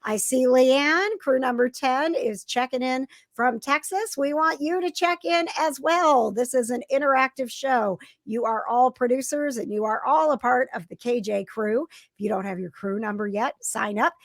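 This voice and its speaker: A woman's voice: sits high, normal speed, dry recording, clean studio sound. A woman hosting a casual live show, upbeat and rambling, with many fillers. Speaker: host.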